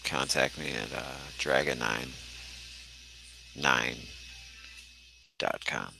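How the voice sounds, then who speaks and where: Very deep gravelly joking man. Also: steady tone, very slow, over music, poor audio. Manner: joking, laid-back. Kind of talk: casual chat.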